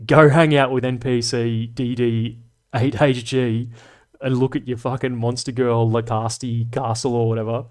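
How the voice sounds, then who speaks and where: A man's voice: mid-range voice, a little slow. A man, a streamer and animator, casually rambling and reading chat comments with plenty of swearing. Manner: relaxed, profane, rambling and chatty.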